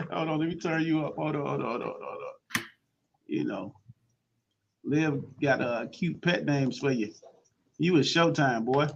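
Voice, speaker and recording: A gravelly, fairly high-voiced man hosts a morning radio show in loose, slangy banter packed with shout-outs. He is from Chicago. The lo-fi stream sounds dull and carries a faint hiss. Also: measured pace, pauses often. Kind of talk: casual morning radio talk.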